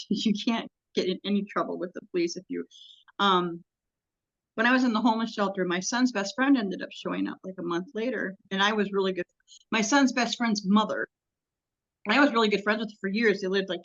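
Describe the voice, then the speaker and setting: A woman guest in a casual interview, telling a long story in a halting, rambling way with many ums and restarts. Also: mid-range voice, a bit bright, lo-fi sound.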